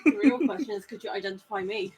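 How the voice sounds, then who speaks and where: A woman from England chatting casually on a home podcast, teasing with quick jokes. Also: medium pitch, far from the mic, a crowd in the background. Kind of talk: casual chat. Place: home room shared with host.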